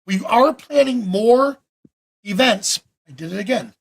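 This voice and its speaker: A man teaching photo editing during a live video-call session, talking in a chatty, animated way with frequent restarts. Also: sits high, unhurried, gravelly. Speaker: photography workshop instructor. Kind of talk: live online Q&A demo.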